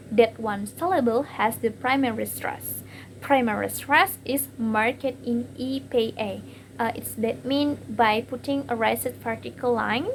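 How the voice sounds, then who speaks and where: A young woman with an Indonesian accent gives a class presentation from slides. She reads haltingly, with many fillers and repeated words. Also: fairly high pitch, a little hiss or hum, low-quality recording. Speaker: student presenter.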